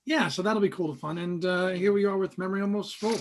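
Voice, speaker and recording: A man's voice: sits high, quick pace, slight background noise. A man co-hosting a podcast, chatting casually with his partner and laughing as he tells stories. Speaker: podcast co-host. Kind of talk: casual chat.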